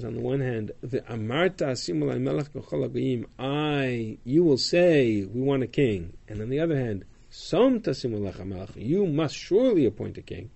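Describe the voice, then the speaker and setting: A man teaching a Torah class speaks in a warm, mid-range voice with vocal fry and a breathy edge. He explains Hebrew verses and their translations, chanting the verses and filling his speech with frequent ums and uhs.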